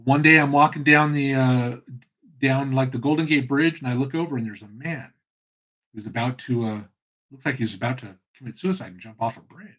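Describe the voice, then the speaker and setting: A man's voice: medium pitch, brisk, a bit bright. A middle-aged man hosting his own channel, talking in a loose, rambling, conversational way. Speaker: channel host. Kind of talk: casual monologue.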